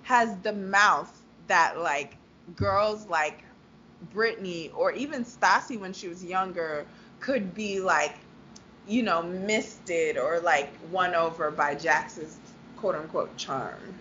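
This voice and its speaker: Woman co-host, emphatic, swears, bright tense voice, dull lo-fi with faint hiss. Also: fairly low pitch, takes it slowly. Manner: emphatic, swears freely, acts out quotes. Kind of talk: casual reality-TV recap chat.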